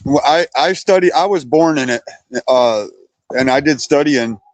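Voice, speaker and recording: A man calling into a stream for a relaxed, casual chat, breaking off now and then to talk to his dogs. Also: on the high side, moderate pace, no echo, poor audio. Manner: relaxed, talks to his dogs between remarks. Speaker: guest caller.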